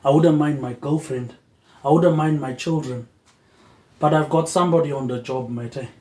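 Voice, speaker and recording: A man hosts a rambling philosophical monologue. His train of thought drifts loosely, and he closes nearly every phrase with a quieter tag word. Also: a little high, normal speed. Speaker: host. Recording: echoey room.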